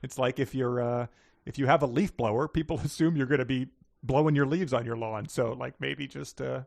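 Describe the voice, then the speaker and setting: A man's voice: medium pitch, steady tone, brisk, vocal fry, darkish tone, no echo, clean studio sound. A man co-hosting a podcast, chatting casually about a book in a wry, joking way and chuckling often. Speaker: podcast co-host. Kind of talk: casual book-discussion chat.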